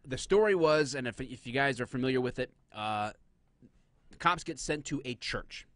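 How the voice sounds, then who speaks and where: A man's voice: mid-range voice, expressive, normal speed, a bit bright. A man co-hosting a casual live stream, a police officer who jokes around and slips into silly voices. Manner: joking, slips into put-on voices. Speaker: podcast co-host, police officer.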